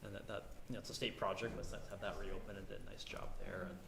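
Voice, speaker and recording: A man giving a casual, halting report to a town board at a public meeting. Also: fairly low pitch, level tone, gravelly, fairly bright tone. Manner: casual, hesitant with many fillers. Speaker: town manager. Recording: echoey hall with background noise.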